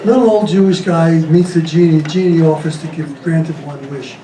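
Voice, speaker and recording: A man doing stand-up comedy, rattling off deadpan jokes and chuckling at his own punchlines on a comedy club stage. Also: on the high side, moderate pace, some chatter behind. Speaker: stand-up comic. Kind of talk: stand-up joke telling. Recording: echoey club, distant mic, faint room noise.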